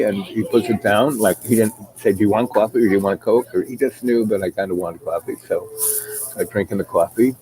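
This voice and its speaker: A middle-aged man tells a personal story in a loose, rambling way, full of fillers and asides. His voice sits low and sounds mellow. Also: slight background noise, poor audio. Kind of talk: casual spoken anecdote.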